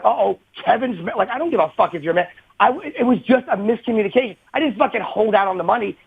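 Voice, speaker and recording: A middle-aged man argues by phone in a raised, exasperated back-and-forth, interrupting and defending himself. His voice sits high and sounds raspy and gravelly. The call comes through thin and tinny. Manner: defensive, exasperated, talks over the other man. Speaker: comedian calling in. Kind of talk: heated on-air argument.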